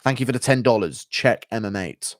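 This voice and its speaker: A man's voice: mid-range voice, a little fast, no room sound, studio quality. A man talking bluntly and swearing freely in a casual live-stream chat, answering viewers.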